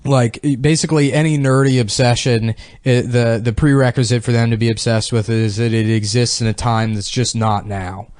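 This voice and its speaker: A man's voice: medium pitch, fairly even intonation, normal speed, hardly any pauses, darkish tone, no room sound, studio quality. A man hosting a comedy podcast, crude and rambling as he mocks people in casual chat. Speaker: podcast host.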